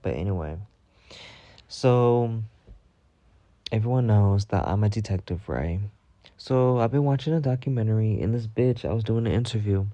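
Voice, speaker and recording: Man, lowish mellow voice, casual profane storytime vlogger, dull lo-fi phone sound. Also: moderate pace, pauses often, dry recording. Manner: profane, animated gossiping with sudden high-pitched quoted outbursts.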